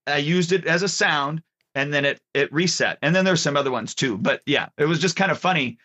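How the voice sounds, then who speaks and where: A man's voice: on the high side, fairly quick, sharp tone, lo-fi sound. A man co-hosting a casual talk about kids and habits, telling stories and often correcting himself. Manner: rambling storyteller, self-correcting. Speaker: podcast co-host, martial arts instructor. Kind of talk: casual chat.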